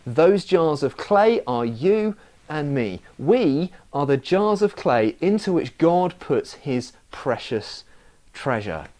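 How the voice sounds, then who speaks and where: A man's voice: medium pitch, a little mellow. A man preaching a sermon, telling stories with self-mocking humour.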